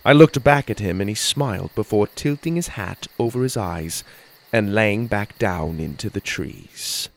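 A man reading a first-person fairy-tale story in an earnest, expressive way. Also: on the low side, unhurried, vocal fry, poor audio. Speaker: storyteller and podcast host.

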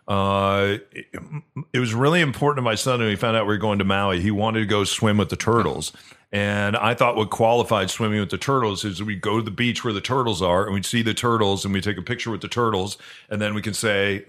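A man co-hosting a podcast who tells a personal story in earnest, halting speech full of restarts. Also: on the low side, a bit bright. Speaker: podcast co-host. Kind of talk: storytelling in casual chat.

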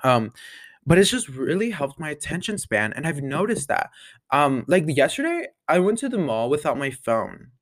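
A man's voice: fairly high pitch, very animated, moderate pace, a bit bright, no room sound, studio quality. A young man hosting his own podcast, rambling casually with lots of "like" and "um" fillers. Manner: rambling, full of "like" and "um" fillers, chatty. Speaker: podcast host. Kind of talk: casual solo podcast chat.

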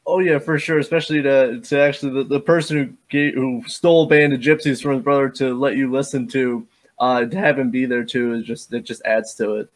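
A man hosting a podcast, reacting eagerly and talking in halting bits with many fillers. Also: medium pitch, steady tone. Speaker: podcast host. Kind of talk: casual interview chat.

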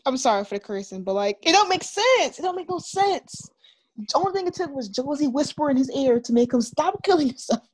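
Woman, podcast co-host, casual chat, animated ranting, heavy cursing, fairly high pitch. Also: a little fast.

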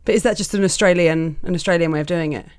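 A woman's voice: on the low side, fast talker, no echo, studio quality. A woman co-hosting a podcast, bantering playfully in a casual chat. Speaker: podcast co-host, comedian.

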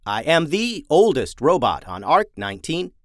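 A man voicing an old male farm repair robot that talks in halting, stuttering, simple phrases. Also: fairly high pitch, very animated, no echo, clean studio sound, voice pushed up.

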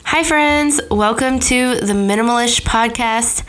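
Slightly high and fairly bright, this woman's voice is unhurried as she hosts a laid-back podcast. In her thirties, she chats openly and candidly, sounding a bit nasal because of a cold.

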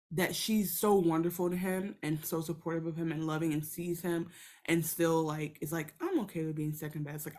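A woman in relaxed conversation, recapping a television episode with a fairly low voice. She slips into playful character voices when quoting scenes, animated and expressive. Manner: animated, acts out characters in quoted asides. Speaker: podcast co-host. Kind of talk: casual TV recap chat.

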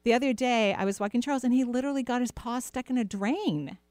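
A middle-aged woman hosting a call-in show, gently reassuring a caller with playful asides. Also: fairly high pitch, quick pace, no room sound, clean studio sound. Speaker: radio show host, intuitive healer. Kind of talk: casual advice talk to a caller.

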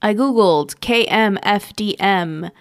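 A woman co-hosting a podcast, reading a listener's email aloud in casual chat, with dry, brief replies and halting reading. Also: medium pitch, dry recording. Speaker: podcast co-host.

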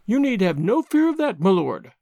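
A man's voice: sits high, sing-song, normal speed, warm tone, no room sound. A man reading aloud, voicing an eager, cheerful young barmaid.

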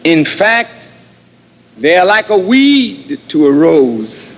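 Slow, measured male minister in a hall. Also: a little high, big pitch swings. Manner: slow, measured, deliberate preaching. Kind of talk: sermon. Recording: dull archival lecture audio with long hall reverb.

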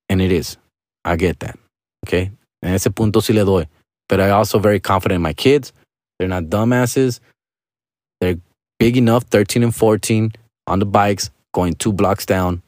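A man's voice: fairly low pitch, dry recording, studio quality. Laid-back storyteller man. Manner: profane, laid-back, mixes in Spanish slang. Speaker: vlog host. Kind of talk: casual storytelling monologue.

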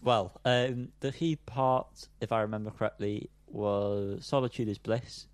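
A man's voice: fairly low pitch, steady tone, unhurried, clear, resonant tone, no room sound. Dry-sounding man rambling about an album. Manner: rambling, frequent ums, laughs at himself. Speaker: podcast co-host. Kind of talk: casual music chat.

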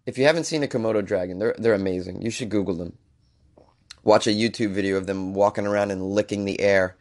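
A man's voice: fairly low pitch, fast, darkish tone. A man hosting a comedic news podcast, under the weather, reading stories and ranting in exasperation. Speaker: podcast host.

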